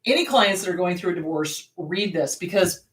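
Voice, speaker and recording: A woman's voice: fairly low pitch, expressive, fairly quick, slight background noise. A woman therapist hosting a casual advice talk, emphatic and repeating words for stress. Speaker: therapist and show host. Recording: roomy, distant mic.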